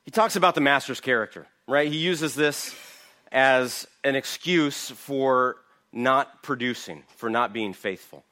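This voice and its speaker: With a sharp tone and a measured pace, a man in a mid-range voice works through the Bible verse by verse. He teaches emphatically and asks his audience rhetorical questions.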